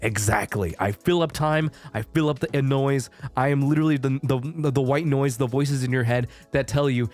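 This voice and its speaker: A man's voice: mid-range voice, normal speed, faint music behind. A young man chatting casually on his stream, rambling and playful, swearing freely and laughing often. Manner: frequent laughter and restarts. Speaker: VTuber streamer.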